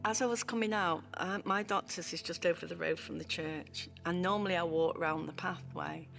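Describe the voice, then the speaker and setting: A woman's voice: on the low side, steady tone, normal speed, gravelly, a bit bright, soft background music. Heartfelt woman telling her own story. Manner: heartfelt, repeats phrases for emphasis. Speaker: former client giving a testimony. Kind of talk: filmed personal testimony.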